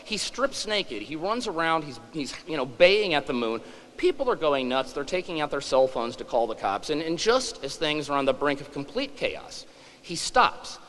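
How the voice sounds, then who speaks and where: A man's voice: a little high, sing-song, moderate pace, fairly bright tone, big-room sound, rough recording. A man in his forties giving a humorous public lecture, wry and self-deprecating. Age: 40s.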